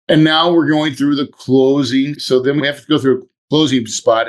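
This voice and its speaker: A man hosting a podcast, telling a story in a casual, animated way and acting out his own thoughts. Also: medium pitch. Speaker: podcast host.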